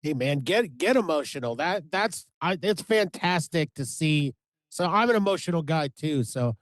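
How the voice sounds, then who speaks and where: A man's voice: fairly high pitch, animated, normal speed, no echo. A man co-hosting a music podcast, talking earnestly in rambling casual chat with lots of restarts. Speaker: podcast co-host.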